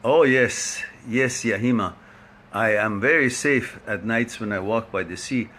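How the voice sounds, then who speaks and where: Male host, unhurried and chatty, forceful bright tone, laughs a lot. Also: lowish voice. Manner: chatty, laughs often, rambling. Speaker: host of a live online talk. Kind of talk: casual chat greeting viewers by name.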